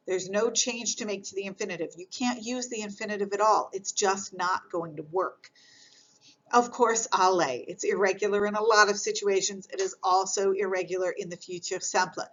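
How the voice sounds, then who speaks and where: A woman teaching a recorded grammar lesson, with a patient, explanatory manner that circles back to repeat key points. Her voice sits at a middle pitch, and the recording sounds a little dull and lo-fi. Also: a bit bright. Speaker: French teacher.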